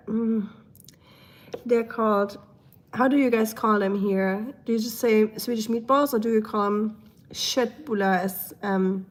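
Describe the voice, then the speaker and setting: Young female streamer, casual and goofy, a fairly high but flat voice, and a throat she keeps clearing. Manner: chatty, silly, laughs often, switches into German. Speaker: live stream host. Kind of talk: casual chat reading live comments.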